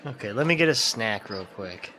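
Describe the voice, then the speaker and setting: A man co-hosting a podcast in casual chat, dropping dry asides and quick questions. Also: fairly low pitch, expressive, pushed and bright, a little hiss or hum. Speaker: podcast co-host.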